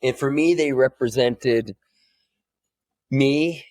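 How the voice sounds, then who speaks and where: A man's voice: mid-range voice, takes it slowly, a little mellow. A man in his forties, a podcast guest, telling a candid personal story and swearing freely as he grows emotional. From United States.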